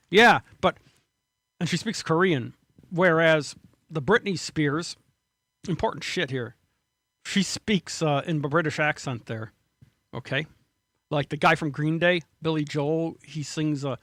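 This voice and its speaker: Brief: male solo podcast host, high voice, dry close sound, profane and digressive. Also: a bit bright, no echo. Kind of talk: rambling solo commentary.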